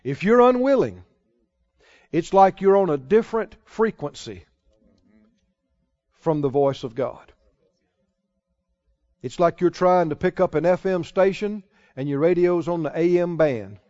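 High-voiced emphatic male preacher. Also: animated, a little mellow. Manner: emphatic, repeats phrases, slows down on scripture. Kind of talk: sermon. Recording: dull lo-fi sermon recording.

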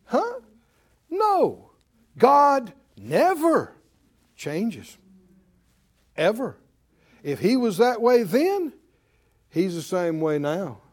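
A man's voice: sits high, wildly swooping pitch, very slow, pauses often. A man preaching a sermon as pastor, emphatic, repeating phrases and drawing call-and-response from the congregation.

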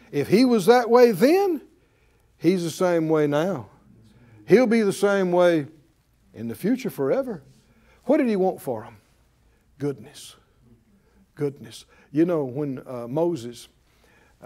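A man's voice: a little high, darkish tone. A man preaching a sermon as a Bible teacher, emphatic and folksy, repeating key words and chuckling often.

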